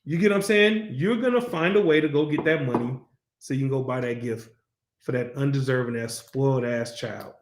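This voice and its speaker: A man's voice: mid-range voice, a little fast. A man teaching a scripture class in a blunt, profane way, often checking that listeners follow with "you understand?". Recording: echoey room.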